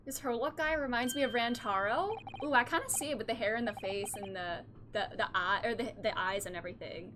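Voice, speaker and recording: A woman's voice: medium pitch, moderate pace, fairly bright tone, slight background noise. A woman streaming a game, chatting casually, giggling and reading lines aloud. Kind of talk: casual let's-play commentary.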